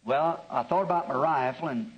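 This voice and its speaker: Man, preacher, folksy storytelling sermon, slightly high voice, dull lo-fi archive tape. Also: a little hiss or hum. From American South. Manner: homespun, chuckling, drawn-out anecdotes.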